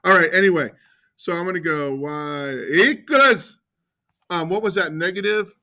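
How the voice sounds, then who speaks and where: A man teaching a math class, joking with students and quizzing them with quick questions. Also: high voice, pushed and bright.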